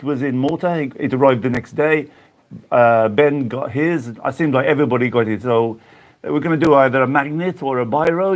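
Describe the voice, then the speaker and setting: English guy doing his sunday live chat, slightly high voice, chatty, laughs a lot. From England. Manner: chatty, laughs often, greets viewers by name. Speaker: YouTube host reading live chat. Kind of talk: casual live-stream chat.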